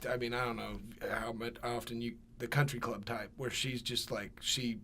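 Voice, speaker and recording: A young man telling a comedic story on a podcast, animated and profane, acting out voices. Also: mid-range voice, normal speed, a little hiss or hum. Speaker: podcast guest.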